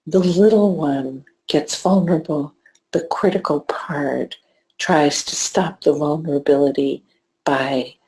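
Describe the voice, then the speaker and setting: Low, slow-talking woman therapist teaching. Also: low-quality recording. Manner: soft-spoken, often drops to a whisper when quoting. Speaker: trauma therapist teaching a course. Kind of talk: lecture with case example.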